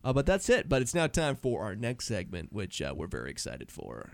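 A man co-hosting a podcast in casual chat, animated and joking, often mimicking voices. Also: lowish voice, a little fast, creaky. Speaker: podcast co-host.

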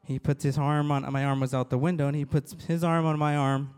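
A man, a police officer, giving a halting, earnest church testimony to a congregation, with many restarts. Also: a little high, level tone, darkish tone, clear, resonant tone. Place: church hall. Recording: long reverb of a large hall.

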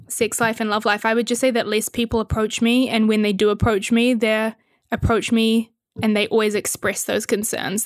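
A woman's voice: fairly high pitch, dry recording, clean studio sound. Chatty young woman. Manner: chatty, candid, swears freely, laughs often. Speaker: content creator answering viewer questions. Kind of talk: casual chat with viewers.

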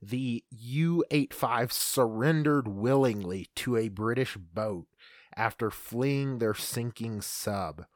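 A man's voice: mid-range voice, slow, dry recording, studio quality. A man co-hosting a podcast, casually retelling creepy history stories with fillers and stumbles. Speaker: podcast co-host. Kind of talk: casual storytelling chat.

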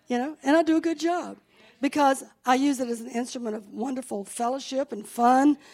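Woman pastor, higher voice, storytelling sermon, lively quotes. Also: brisk. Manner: warm storytelling, quoting others, enthusiastic. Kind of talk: church testimony and sermon.

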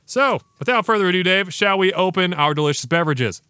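A man's voice: sits high, expressive, fast talker, pushed and bright, smooth, no room sound, clean studio sound. A man hosting a podcast, chatting casually and enthusiastically through a beer review with slangy banter. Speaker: podcast host.

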